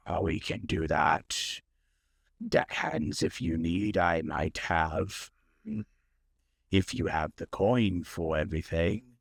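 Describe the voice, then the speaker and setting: Man voicing a low stammering lanternfish dockmaster. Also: creaky, husky, no room sound, clean studio sound, full character voice. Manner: stammering, businesslike. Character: small fanged male lanternfish dockmaster.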